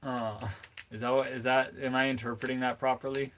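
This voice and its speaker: A man's voice: mid-range voice, flat delivery, fairly quick, a bit bright, slight background noise. A man from Minnesota chatting casually on a livestream, rambling and joking as he reads chat aloud. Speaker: streamer.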